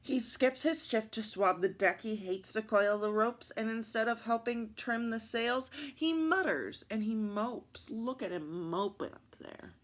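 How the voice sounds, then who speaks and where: Slow, expressive woman reading stories aloud. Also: a little high. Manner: expressive, with asides to listeners. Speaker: story time reader. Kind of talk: reading picture books aloud.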